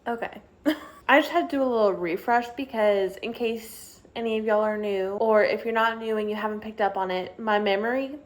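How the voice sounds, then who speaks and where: A woman's voice: on the high side, normal speed. A young woman vlogging casually about a book she is reading, chatty and self-mocking, often laughing. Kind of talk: casual chat to camera.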